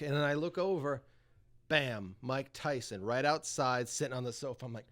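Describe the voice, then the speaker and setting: A man's voice: on the high side, normal speed, fairly bright tone. Young guy telling a crazy party story on a podcast, swears a lot, laughs through it. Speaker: podcast guest. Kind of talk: casual storytelling.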